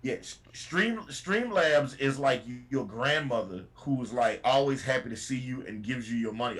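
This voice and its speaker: Husky, animated man ranting. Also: medium pitch, normal speed, few pauses. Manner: animated, profane, laughing storyteller. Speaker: podcast co-host and rideshare driver. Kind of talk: casual ranting chat.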